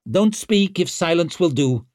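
Guy reading a gruff no-nonsense woman, husky, short dry answers, storybook. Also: mid-range voice, expressive, moderate pace, a little mellow, no echo. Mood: curt. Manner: curt, clipped, dry. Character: blunt hardened woman operative, gruff.

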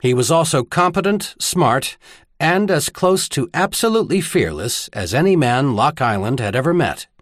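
Expressive male audiobook narrator. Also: fairly high pitch, no echo, studio quality. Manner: expressive, measured storytelling.

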